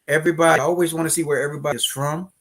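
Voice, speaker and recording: A man's voice: on the high side, fairly even intonation, racing, a bit bright. A man from New Orleans with a New Orleans accent, hosting a casual livestream and chatting directly with viewers before presenting steps. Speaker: host of a business credit livestream.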